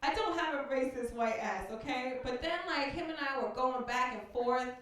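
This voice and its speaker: A woman doing a stand-up comedy set, brash and profane, acting out street characters in quick bits. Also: sits high, fairly bright tone. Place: comedy club stage. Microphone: handheld stage mic. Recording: far, roomy live club recording. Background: audience laughter.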